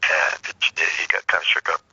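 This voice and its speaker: A man's voice: fast, sharp tone, no room sound, lo-fi sound. A man telling a story as an interview guest, blunt, profane and combative. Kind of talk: casual storytelling.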